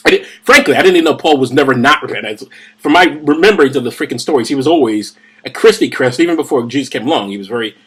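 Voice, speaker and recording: A man's voice: medium pitch, expressive, fast talker, a bit bright, slightly rough. A man hosting a comedic Bible reading, rambling with profane, tipsy asides while drinking. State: drinking gin. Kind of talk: casual comedic commentary.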